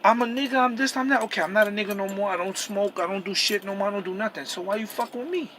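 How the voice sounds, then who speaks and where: Man ranting hard in a sharp, high voice. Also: very fast, a little hiss or hum, low-quality recording. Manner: heated, profane and repetitive, with frequent restarts. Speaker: truck driver. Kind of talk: angry personal rant to camera.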